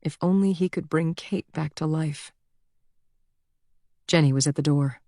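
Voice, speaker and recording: Brief: female audiobook narrator, low voice, dry close studio sound, measured reading. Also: dark tone, dry recording.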